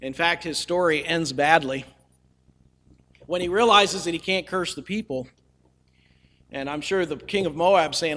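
A male preacher retells a scripture story in a folksy, humorous style. His voice is high and bright, and he tosses in casual asides as he talks. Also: unhurried, pauses often. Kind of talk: storytelling sermon.

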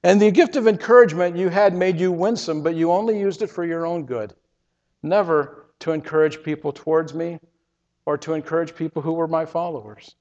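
A man voicing a solemn, gentle male divine judge who speaks slowly and quietly. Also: on the high side, natural voice. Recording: reverberant, dull lo-fi sound.

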